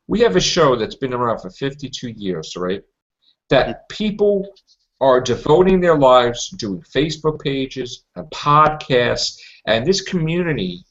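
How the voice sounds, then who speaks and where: On a fan podcast, a male host rants indignantly during a heated discussion, repeating himself as he complains. His mid-range voice has a fairly bright tone, and the audio is lo-fi.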